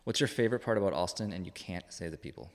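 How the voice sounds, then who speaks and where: Fast-talking low voiced guy hosting a podcast, firing off questions, echoey. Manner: brisk, upbeat questioning. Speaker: podcast host. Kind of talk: interview questions.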